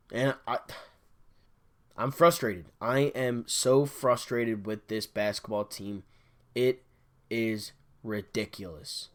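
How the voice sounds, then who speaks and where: A man hosting a sports podcast, delivering an exasperated solo fan rant, repeating his complaints over and over. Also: mid-range voice. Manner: exasperated, repetitive ranting.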